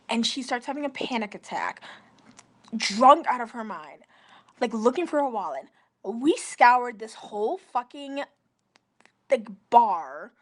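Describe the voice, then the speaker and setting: A young woman recording a casual storytime voice message on her phone, rambling and swearing, full of "like". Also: on the high side. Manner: rambling, profane, filler-heavy with lots of "like". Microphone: phone voice memo.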